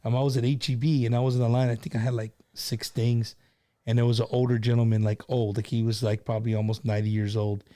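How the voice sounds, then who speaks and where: A man's voice: mid-range voice, level tone, quick pace, dark tone. Easygoing middle-aged man, casual host. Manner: easygoing, full of fillers like "you know" and "man". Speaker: host of a live stream. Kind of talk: casual live-stream chat and storytelling.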